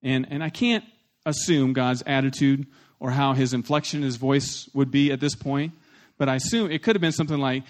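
A middle-aged male pastor preaching a sermon, telling a story with lively ups and downs and repeating words as he gets stirred up. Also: medium pitch, fairly quick.

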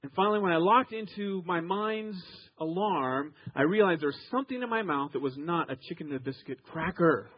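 A man preaching a sermon, grew up in Iowa, telling stories with emphatic swings from loud to soft. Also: sits high, animated, fairly quick, hardly any pauses, breathy edge, highs cut off. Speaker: pastor.

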